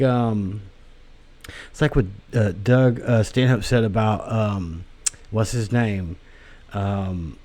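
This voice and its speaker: A man's voice: medium pitch, darkish tone. A man delivering a rambling, profane solo monologue with crude language, drifting tangents and many fillers. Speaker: podcast host.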